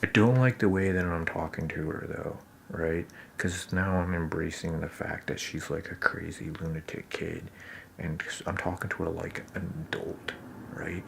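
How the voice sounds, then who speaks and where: A man's voice: low voice, fairly even intonation, moderate pace, creaky, a bit bright, a little hiss or hum. A man giving a wry, self-critical commentary, often dropping to a whisper. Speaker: commentator on his own scene.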